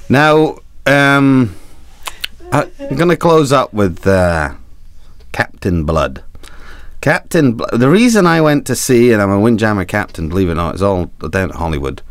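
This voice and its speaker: Very deep-voiced male storyteller. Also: moderate pace, dry recording. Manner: lively, hesitant restarts, animated bursts. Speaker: windjammer captain telling a story. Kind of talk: comic storytelling to an audience.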